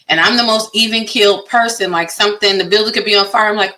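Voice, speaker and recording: A bright, forceful woman in her fifties chats openly on a podcast. She tells her stories in a lively, expressive way and acts out her own reactions. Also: medium pitch, fairly quick, few pauses, low-quality recording. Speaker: guest panelist. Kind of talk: candid podcast chat.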